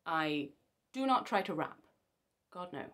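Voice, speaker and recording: Young singer, low-pitched, casual and wry, teaching to camera. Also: female voice, lively intonation, a little slow, a bit bright. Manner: chatty, self-deprecating asides. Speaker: singer giving vocal tips.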